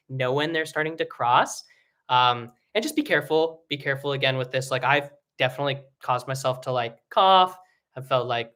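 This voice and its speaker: A man teaching singing in a casual, rambling way, with many fillers and restarts, breaking into high sung examples. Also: fairly bright tone. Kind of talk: live online singing lesson.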